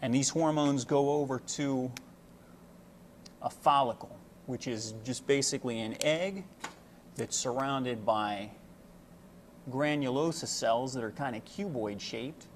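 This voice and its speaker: A man's voice: medium pitch, a little slow, a little hiss or hum. A man giving a casual medical lecture, folksy and full of fillers, explaining with homely analogies.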